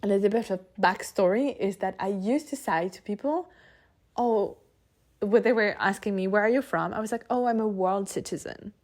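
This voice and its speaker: A woman's voice: mid-range voice, moderate pace, darkish tone. A woman with a French accent that carries a blend of other influences, hosting her own podcast. She talks in a loose, chatty way, drifting into tangents and laughing often. Her nose sounds a little blocked. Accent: French, mixed with other influences. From France. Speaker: podcast host and coach. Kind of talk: casual solo podcast monologue.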